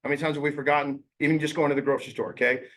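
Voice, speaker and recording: A man coaching real estate agents in a casual, blunt way, using slang and quick impressions of clients. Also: a little high, steady tone, fairly bright tone, a little hiss or hum.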